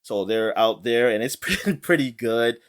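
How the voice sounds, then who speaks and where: A man co-hosting a gaming podcast, chatting casually, animated and laughing, rambling with restarts. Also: mid-range voice, a little slow. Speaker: podcast co-host. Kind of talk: casual chat.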